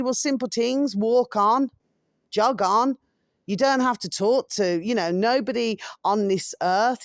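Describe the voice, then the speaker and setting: A middle-aged woman from South Africa holds forth in a casual monologue to her viewers. She is chatty and loops back to the same endearments again and again. Her voice sits at a medium pitch and is recorded up close with a dry sound. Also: dry recording. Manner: chatty, repeats "my delicious little babies". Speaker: channel host.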